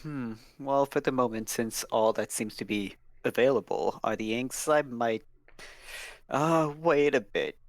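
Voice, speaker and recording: Player dude in a tabletop game, stammers a bit, kinda unsure, dry sound. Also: male voice, mid-range voice, measured pace, no room sound. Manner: hesitant, stumbling over words.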